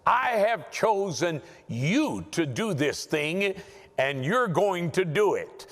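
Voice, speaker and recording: A man's voice: sits high, sing-song, slow, fairly bright tone, in a large hall, heavily acted. A man preaching voices God as firm and commanding, speaking with emphatic certainty. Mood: stern.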